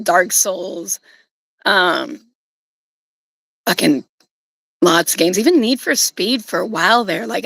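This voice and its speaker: A woman's voice: medium pitch, gravelly, a bit bright, no room sound, rough recording. A woman streamer telling a personal story in a casual, rambling way, swearing bluntly.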